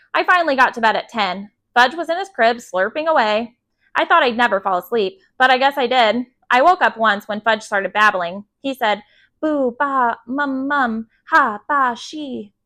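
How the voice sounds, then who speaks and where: A woman storyteller reading a children's chapter book aloud at bedtime, steady and gentle. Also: on the high side, normal speed.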